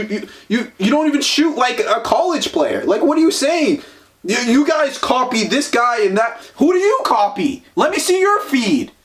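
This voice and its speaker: A young man co-hosting a self-improvement podcast, arguing in an animated, profane way. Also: very high-pitched. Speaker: podcast co-host.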